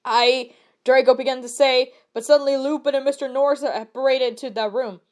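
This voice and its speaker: A woman's voice: sits high, steady tone, a little fast. A woman hosting her channel, reading a fanfiction aloud and breaking off for exasperated, incredulous comic asides. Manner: exasperated, incredulous asides between read passages.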